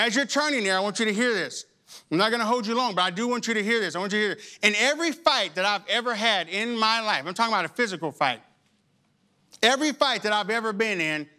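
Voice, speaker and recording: A male pastor preaching a sermon in an animated, humorous and exhorting way. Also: high-pitched.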